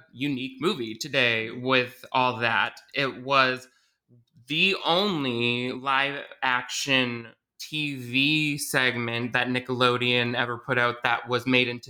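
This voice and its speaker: Bright-voiced chatty male podcast host. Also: mid-range voice. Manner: chatty, self-deprecating. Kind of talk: casual chat.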